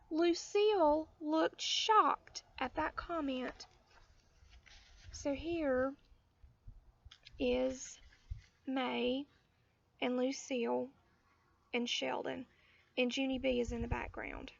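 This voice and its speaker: A woman narrating a children's storybook in an expressive, unhurried way. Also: sits high. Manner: slow, expressive, gently gravelly. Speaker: audiobook reader. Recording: dull lo-fi audio.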